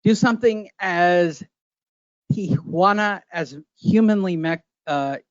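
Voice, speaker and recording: A man's voice: sits high, slow pace, no echo, lo-fi sound. A man hosting a casual boxing podcast, brash and profane, ribbing his co-hosts. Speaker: podcast host.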